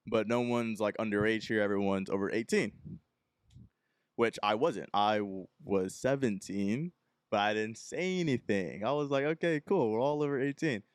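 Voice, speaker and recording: A young man from Texas tells a long anecdote on his solo podcast. His voice sits low and sounds smooth and resonant, and he jumps into the voices of the people in his story. The sound is close and dry, with no room in it. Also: moderate pace, no room sound. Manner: rambling anecdote, acting out the people he quotes. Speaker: podcast host.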